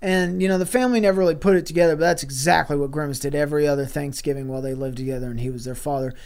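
A man's voice: fairly high pitch, steady tone, racing, darkish tone, clear, resonant tone. A man on a comedy podcast improvising a rambling absurd story, laughing and using broken grammar for laughs. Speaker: podcast co-host.

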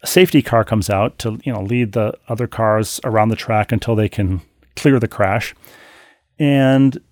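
A man co-hosting a podcast, reading listener mail aloud and then telling a story in a wry, animated way, with frequent restarts, on a close studio mic. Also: lowish voice, normal speed, no room sound. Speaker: podcast co-host.

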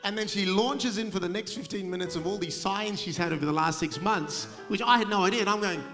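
A middle-aged male pastor telling a funny story in a sermon, animated and laughing as he goes, recorded live in a large church. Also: sits high, brisk. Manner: humorous, animated storytelling, laughing through anecdotes. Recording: live church recording with long reverb and music behind.

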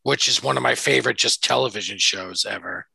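A man's voice: medium pitch, brisk, creaky, a crowd in the background, poor audio. A man chatting casually as a podcast co-host, enthusiastic and restarting his sentences. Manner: enthusiastic, repeats himself when starting sentences. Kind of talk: casual chat.

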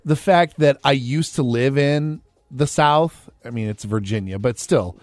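A man's voice: medium pitch, unhurried, dry recording. A man from Iowa co-hosting a radio show, easygoing and self-deprecating in casual banter. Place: radio studio. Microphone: studio mic.

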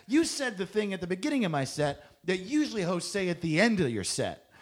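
A man impersonating an exasperated middle-aged male comedian, yelling and berating someone in disbelief. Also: high-pitched, sing-song, a little fast, pitched above the performer's own voice. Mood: grumbling. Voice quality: shouty, incredulous.

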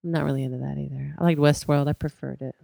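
A woman's voice: low-pitched, steady tone, fast, vocal fry, dark tone, dry recording, clean studio sound. A woman co-hosting a podcast in casual chat, rambling and chatty with lots of fillers. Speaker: podcast co-host.

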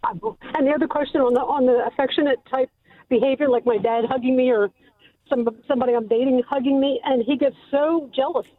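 A woman calling in to a radio show, speaking hesitantly with many pauses and ums. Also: sits high, fairly even intonation, dry recording. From Delaware. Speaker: caller. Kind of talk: call-in radio question. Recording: tinny dry phone line.

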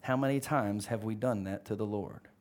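Animated male pastor preaching. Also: fairly low pitch, normal speed. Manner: animated storytelling, swings from quiet to loud. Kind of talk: sermon.

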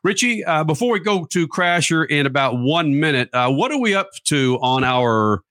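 A man hosting a motorsports radio show, talking energetically and reading promos quickly. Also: a little high, no room sound, clean studio sound. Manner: energetic, fast promo reads.

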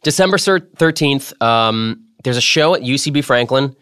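Male podcast host, casual and jokey, dry close-mic studio sound, mid-pitched voice. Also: lively intonation, normal speed, a bit bright, clean tone, no echo. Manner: playful, jokey, self-mocking.

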